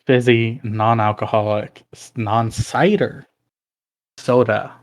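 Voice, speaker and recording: A man casually playing a tabletop role-playing game, speaking in a relaxed, hesitant way. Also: medium pitch, slow pace, no room sound. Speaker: player.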